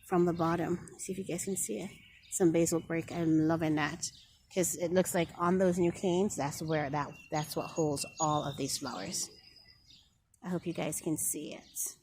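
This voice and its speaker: Excitable woman vlogging outdoors. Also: deep voice, slight background noise. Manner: excitable, gushing, talks straight to viewers. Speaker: garden vlogger. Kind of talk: casual garden walkthrough vlog. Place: outdoor garden.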